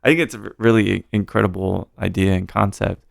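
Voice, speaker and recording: A man's voice: on the low side, fairly even intonation, fairly quick, gravelly, dry recording, studio quality. A man hosting a podcast, chatting casually and encouraging his guest with questions. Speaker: podcast host.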